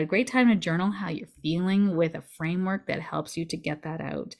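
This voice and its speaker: A woman astrologer giving a casual weekly forecast in a chatty, reflective way, often adding "right?" to her points. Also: on the low side.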